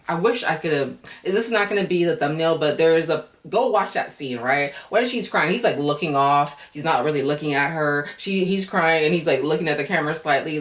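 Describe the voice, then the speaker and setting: Sassy woman recap vlogger, lowish voice, slightly off-mic. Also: recorded from a distance. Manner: blunt, sassy, sarcastic. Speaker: reality show recap vlogger. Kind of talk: casual recap commentary. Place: home.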